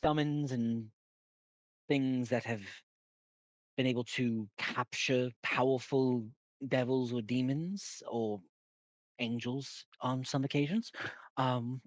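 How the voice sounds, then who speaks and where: A man voicing a male commander in a tabletop game, speaking in a measured, plain way and pausing to think. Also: medium pitch, dry recording, voice pushed up, lightly acted, low-quality recording.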